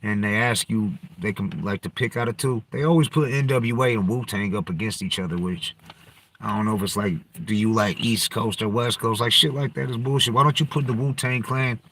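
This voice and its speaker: A man's voice: on the low side, fairly even intonation, brisk, fairly bright tone, slight background noise. A man hosting a podcast, talking loosely in slang and profanity and jumping from topic to topic. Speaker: podcast host. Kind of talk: casual rambling chat.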